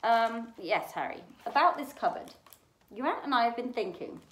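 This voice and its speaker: A woman voicing a loud, gruff, blustering middle-aged uncle, read aloud in an echoey room. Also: on the high side, animated, moderate pace, voice pushed up. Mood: tense.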